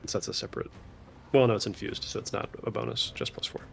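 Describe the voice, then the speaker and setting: A man's voice: mid-range voice, quick pace, vocal fry, soft background music. A man playing a tabletop game, talking casually and playfully as he calls his moves. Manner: playful, animated when quoting his character.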